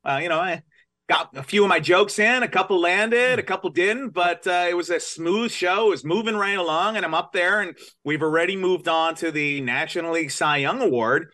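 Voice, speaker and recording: A man from New York with a bright, forceful voice that sits a little high. He tells a story casually, poking fun at himself with animated detail. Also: fairly quick. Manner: self-deprecating, animated storyteller.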